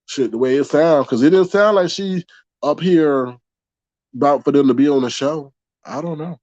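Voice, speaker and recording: A man's voice: fairly high pitch, moderate pace, darkish tone, no room sound, dull audio. A man hosting a casual livestream commentary in a blunt, chatty way, swearing freely.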